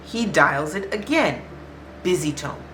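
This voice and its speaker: Woman storyteller, casual and conversational, lively inflection, roomy echo. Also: low-pitched, measured pace, a little hiss or hum. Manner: animated, conversational. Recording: echoey room, faint music.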